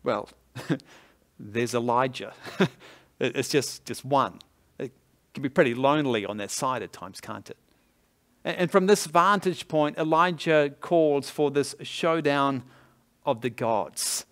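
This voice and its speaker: A man's voice: medium pitch, slow pace. A male pastor giving a conversational sermon, laughing easily and leaning on sports analogies.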